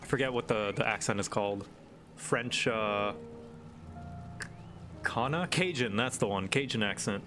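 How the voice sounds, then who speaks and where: A man's voice: fairly low pitch, unhurried, long pauses, background noise. A man chatting casually on a live stream, rambling and hesitant as he searches for words.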